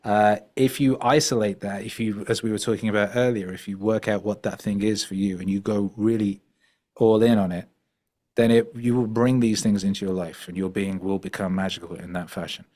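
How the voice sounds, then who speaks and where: A middle-aged man, a podcast guest, telling stories in an animated, rambling way, full of fillers and restarts. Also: lowish voice, a little fast. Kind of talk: storytelling conversation.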